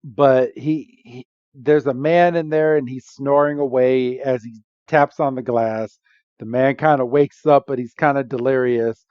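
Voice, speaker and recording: A man co-hosting a podcast, recapping a film scene by scene in casual, chatty talk. He laughs often and acts out the quotes. His middle-pitched voice comes through a dry, slightly dull mic. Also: steady tone, measured pace, clean tone, no room sound. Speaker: podcast co-host. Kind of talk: casual movie recap chat.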